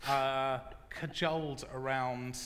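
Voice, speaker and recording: A man's voice: mid-range voice, fairly even intonation, takes it slowly, a bit bright. A man on a live podcast panel, talking in a rambling, self-deprecating way. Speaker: podcast panelist and script writer. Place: stage at a live convention. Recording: echoey hall at a live event.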